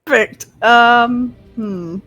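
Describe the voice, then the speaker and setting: A woman's voice: on the high side, extremely slow, a bit bright, muffled recording, soft background music. A woman taking part as a player in a tabletop game, upbeat and chipper. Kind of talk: casual tabletop play.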